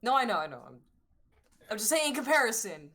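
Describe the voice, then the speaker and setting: A woman's voice: on the high side, big pitch swings, brisk, pushed and bright. A woman playing a tabletop role-playing game, speaking in character with a rambling, earnest manner. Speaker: tabletop role-play player.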